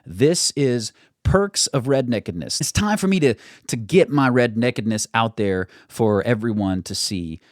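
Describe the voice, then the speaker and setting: Speaking a little slowly in an expressive mid-range voice, a young man from the United States hosts his YouTube channel from a home studio. The casual vlog monologue is chatty and self-deprecating, his accent is mild general American with only a faint regional trace, and there's no echo.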